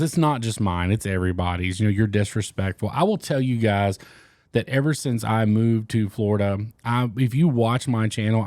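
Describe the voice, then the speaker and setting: A man's voice: lowish voice, darkish tone, no room sound. A man hosting a fishing channel, chatting casually and candidly to camera in a rambling, joking way.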